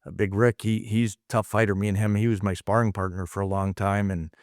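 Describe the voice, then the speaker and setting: Low-voiced man telling martial arts stories. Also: little pitch movement, brisk, darkish tone, no echo, clean studio sound. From United States. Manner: rambling anecdotes, acts out quoted dialogue. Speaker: interview guest, martial arts instructor. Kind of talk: casual storytelling.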